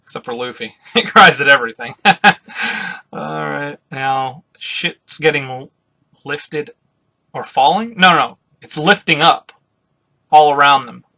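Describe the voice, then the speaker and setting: A man doing a live reaction to a new comic chapter, reading it aloud and commenting in an excitable way, swearing freely. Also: a little high, slow pace, vocal fry.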